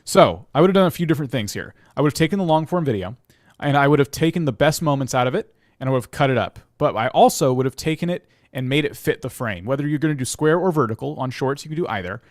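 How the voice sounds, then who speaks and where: A man's voice: medium pitch, lively intonation, quick pace, dry recording, clean studio sound. A man co-hosting a livestream, reviewing channels in an easygoing, advisory way. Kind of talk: livestream casual chat.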